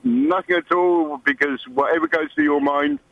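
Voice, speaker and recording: A man's voice: on the high side, very animated, normal speed, no echo. A man calling into a radio show, friendly and ribbing the host. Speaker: caller. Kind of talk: phone-in chat. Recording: dull, dry phone-in line.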